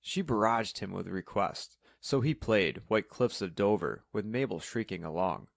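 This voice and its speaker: Brief: calm male narrator, low voice, dry close sound, steady storybook delivery. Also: normal speed, creaky, no echo. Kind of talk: scripted audiobook narration.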